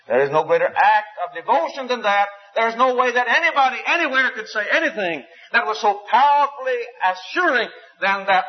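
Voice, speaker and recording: A man's voice: sits high, very animated, moderate pace, highs cut off. A male preacher delivering an impassioned sermon, full of rhetorical questions and sweeping rises and falls.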